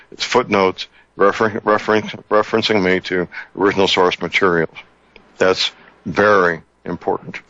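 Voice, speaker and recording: An older man hosting a call-in radio talk show, speaking slowly and deliberately, repeating key details. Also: fairly low pitch, fairly bright tone, no echo. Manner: slow, deliberate, repeats numbers. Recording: muffled lo-fi radio broadcast.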